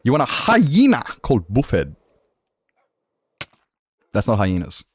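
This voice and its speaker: A man's voice: medium pitch, huge pitch swings, unhurried, darkish tone, breathy edge. A man chatting casually on a gaming livestream, swearing freely and laughing often. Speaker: streamer.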